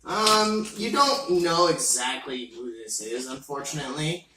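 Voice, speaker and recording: A playful game master narrates a tabletop game at an unhurried pace. The tone is bright, and the sound is roomy and distant with faint noise. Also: mid-range voice, animated.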